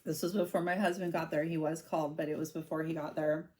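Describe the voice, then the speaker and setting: A woman in her forties with a low voice talks straight to her viewers. She is candid and halting, often breaking off and restarting her sentences as she tells her own story. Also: level tone, a little mellow, slight background noise. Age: 40s. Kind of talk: personal storytelling to camera.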